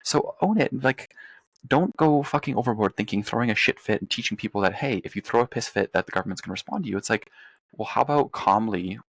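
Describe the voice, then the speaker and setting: A man's voice: lowish voice, fast talker, a bit bright, no room sound. A young American man hosting a podcast, ranting casually and emphatically about politics with plenty of profanity. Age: young adult. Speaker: podcast host.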